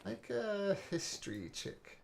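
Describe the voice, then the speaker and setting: A man's voice: high-pitched, very animated, takes it slowly, creaky, slight background noise. A man acting as game master, giving matter-of-fact rulings to the players. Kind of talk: running a tabletop game.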